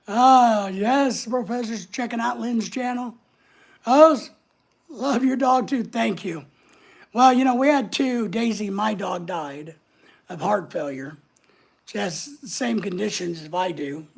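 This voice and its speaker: A woman's voice: mid-range voice, vocal fry, a little mellow, husky. A woman hosting a casual livestream, chatting away and answering viewer comments as they come in. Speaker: livestream host.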